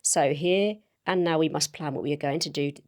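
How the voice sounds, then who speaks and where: A woman reading aloud the lines of an elderly male professor, calm and wise, in a gamebook, with earnest, measured delivery of formal old-fashioned speech. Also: sits low, lightly acted. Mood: solemn.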